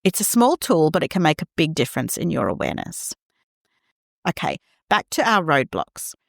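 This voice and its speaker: A woman hosting a parenting podcast, talking gently and reassuringly, acting out quoted lines in a scripted monologue. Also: sits low, wildly swooping pitch, moderate pace, vocal fry, no echo, studio quality.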